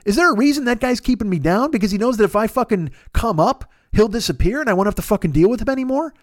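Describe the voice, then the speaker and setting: A man rambles through a comic monologue, swearing freely and poking fun at himself. His voice sits high and jumps around a lot as he talks at a fast clip. The sound is close and dry, like a podcast studio. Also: lively intonation, no echo. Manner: profane, rambling, self-deprecating. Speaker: podcast host. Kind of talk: comedic monologue.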